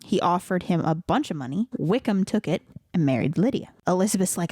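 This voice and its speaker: A woman's voice: on the low side, lively intonation, a little fast, darkish tone, husky, dry recording, clean studio sound. A young woman hosting a podcast, retelling a classic novel in a breezy, playful way, dropping "like" often and briefly mimicking the characters. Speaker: podcast host. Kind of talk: casual comic book retelling.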